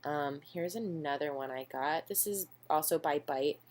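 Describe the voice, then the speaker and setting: Low-pitched young woman, casual beauty vlogger, chatty and self-deprecating, recorded at home on a camera mic. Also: moderate pace, a little mellow. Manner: rambling, chatty, self-deprecating, lots of ums. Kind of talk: casual makeup haul chat. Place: home, indoors.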